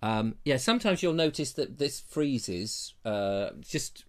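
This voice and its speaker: A man's voice: medium pitch, sing-song, slow. A man hosting a casual live show, joking and reading viewer comments aloud on a lapel mic. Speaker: host. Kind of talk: casual live-stream chat.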